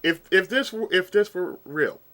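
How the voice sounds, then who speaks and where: Bright-voiced ranting man. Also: high voice, lively intonation, normal speed. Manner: exasperated, ranting, eats while talking. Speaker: vlogger. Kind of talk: casual ranting commentary.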